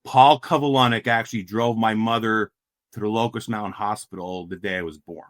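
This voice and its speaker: A man's voice: fairly low pitch, fairly even intonation, fairly quick, no echo, studio quality. A middle-aged man from Pennsylvania, a former player and guest, telling stories casually with many fillers and restarts. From Pennsylvania coal region. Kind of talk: casual storytelling.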